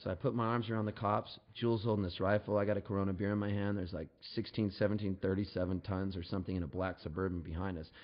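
A man telling a comic story on stage in an animated, jokey way, building up to his punchlines. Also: deep voice, quick pace, hardly any pauses, dull audio.

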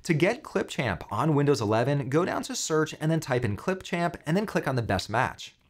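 A man hosting a software tutorial, walking through steps in an upbeat, explaining way with light jokes. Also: on the high side, big pitch swings, moderate pace. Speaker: tutorial host.

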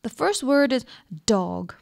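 A woman's voice: a little high, sing-song, slow pace, creaky. A woman teaching a radio lesson to young children, patient and coaxing, asking questions and answering them herself. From Bhutan.

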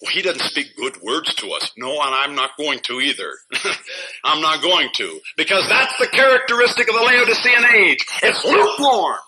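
A fiery male pastor with a fairly high voice preaches to his church in a scolding tone. His sermon jumps to loud bursts and dry chuckles. The old recording carries a steady hiss under his voice. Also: normal speed.

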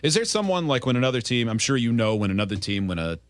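A man hosting a casual sports interview, telling stories and quoting people with animated delivery. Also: medium pitch, quick pace, no echo. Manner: storytelling, animated quotes. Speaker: radio host.

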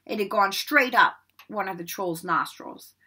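A woman's voice: a little slow, slightly rough. A woman reading a children's novel aloud, acting out the dialogue and dropping her voice for the suspenseful parts. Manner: expressive, lifts her voice high for the boys' lines and drops low for suspense. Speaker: read-aloud narrator. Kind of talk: storybook read-aloud narration.

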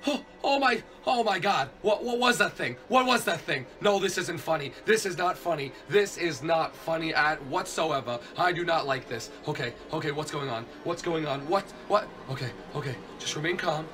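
A man's voice: fairly high pitch, moderate pace, few pauses, fairly bright tone, lightly acted. A man voicing a jittery failed cop turned night guard in a hobby plush video, stammering and repeating himself in panic. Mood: frantic.

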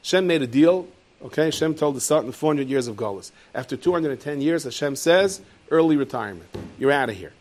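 A man delivers a Torah lecture as a rabbi. He tells stories energy. His voice swings high and loud whenever he acts out a character. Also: a little fast, a little hiss or hum. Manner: lively storyteller, leaps into high shouted voices for characters. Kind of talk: animated Torah lecture with storytelling.

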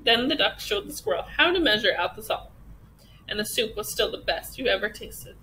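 A woman teacher reading a children's picture book aloud with expressive storytelling. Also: a little high, moderate pace, a little hiss or hum, low-quality recording.

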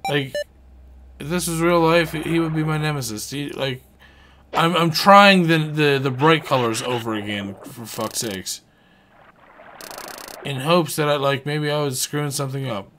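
A man commentating his own fishing game playthrough, talking straight to the fish on screen. His voice is bright and tense, sitting a little high. He swears freely and swings between coaxing and scolding, over a faint background hiss. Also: a little slow. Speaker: gaming channel host. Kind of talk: let's play commentary.

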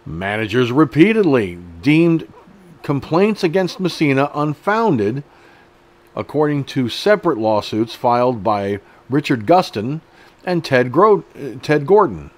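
A man's voice: mid-range voice, very animated, measured pace. A middle-aged man hosting an online news show, reading an article aloud and breaking off into blunt, profane, indignant commentary.

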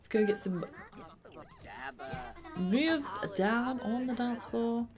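A woman hosting let's play commentary, bubbly and excitable, sometimes dropping into soft whispers. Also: a little high, takes it slowly, over music. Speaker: gaming channel host.

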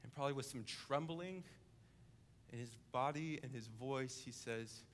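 A young adult coordinator preaching a sermon in church, telling a story vividly, dropping to a hush and then building to emphasis. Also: male voice, medium pitch, unhurried, slight background noise. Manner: vivid storytelling, acting out the characters; swings between hushed and emphatic. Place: church service, live-streamed.

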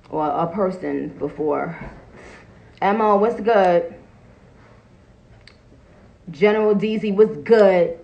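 A woman with a fairly high, gravelly voice chats casually on a phone livestream from home, and the recording sounds muffled. She's blunt and profane, laughs a lot, and keeps breaking off to greet her viewers.

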